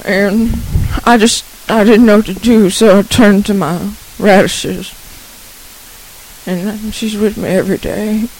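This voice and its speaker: A man plays a grieving old farmer who speaks very slowly and mournfully, with a soft hiss in the background. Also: high voice, fairly even intonation, rough recording. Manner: slow, mournful, easily offended.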